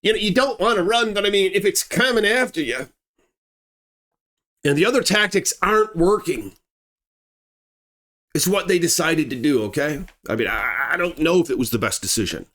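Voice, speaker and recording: A man's voice: high-pitched, animated, moderate pace, pauses often. A man telling a true horror story in a casual, rambling way, full of asides. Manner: rambling, conversational, digresses often; shouts acted quotes in a raised voice.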